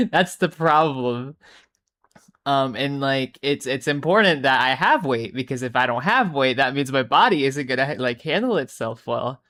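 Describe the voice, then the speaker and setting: A young streamer, worn out and chatting casually to a live audience. The talk rambles, swears freely and keeps breaking off mid-sentence to start again, at a middling pitch. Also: lively intonation, unhurried, a bit bright. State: tired. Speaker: live streamer reading chat.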